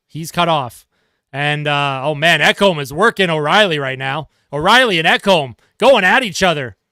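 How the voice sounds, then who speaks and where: Bright-voiced excitable male hockey streamer. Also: sits high, no echo, clean studio sound. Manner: excitable play-by-play, chatting with viewers between calls. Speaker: livestream host and hockey fan commentator. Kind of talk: live fan play-by-play commentary.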